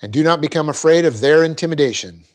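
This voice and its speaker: A middle-aged man giving a classroom lecture on Greek grammar as a Bible teacher, explaining patiently, often checking in with his class and laughing at his own slips. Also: a little high. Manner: light-hearted, quick to laugh at himself. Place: church classroom.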